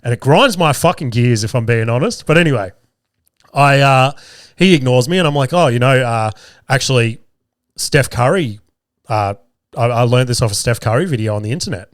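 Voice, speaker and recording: A man's voice: mid-range voice, expressive, normal speed, no room sound, clean studio sound. Man telling podcast stories. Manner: swears freely, acts out quoted lines in voices. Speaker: podcast host. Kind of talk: casual storytelling.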